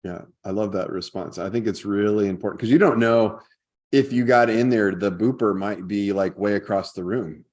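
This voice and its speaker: A man's voice: lowish voice, normal speed. A man hosting a podcast in casual chat, telling stories and acting out quoted lines with energy. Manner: storytelling, animated when quoting. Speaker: podcast host.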